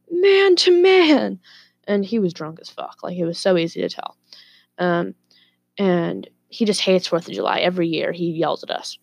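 Low-voiced profane woman vlogger. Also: dry recording. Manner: profane, animated, laughing asides. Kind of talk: casual storytelling to camera.

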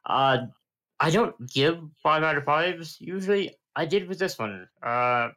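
A man's voice: fairly high pitch, measured pace, bright, forceful tone, low-quality recording. A man co-hosting a film podcast, chatting casually and agreeably, laughing often. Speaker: podcast co-host.

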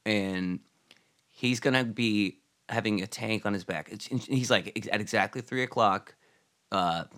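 A man's voice: fairly low pitch, unhurried. A man co-hosting a casual chat about a TV episode, rambling through scenes with many restarts. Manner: rambling, many fillers and restarts, drops into quiet asides. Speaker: podcast co-host.

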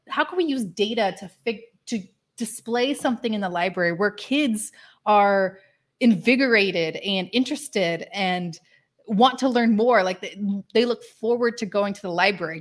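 This is a chatty woman talking in a relaxed podcast conversation, her voice sitting at an ordinary middle pitch. She rambles eagerly, peppering her sentences with "like" and breaking into laughs. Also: moderate pace. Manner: chatty and enthusiastic, heavy use of "like" fillers, laughs often. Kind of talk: casual chat.

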